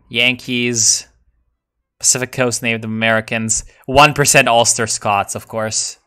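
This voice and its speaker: A man giving live gameplay commentary in a bright, sharp-edged voice. He answers chat, mutters to himself, then bursts out loud and cursing before settling back into quick remarks. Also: mid-range voice, clean tone. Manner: excitable, profane, jumps between mumbling and shouting. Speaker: game streamer.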